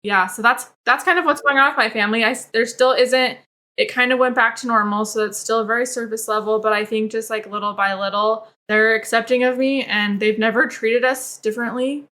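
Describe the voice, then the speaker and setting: Candid woman podcast guest, bright and slightly high, filler-heavy chat. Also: steady tone, brisk. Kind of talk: casual chat.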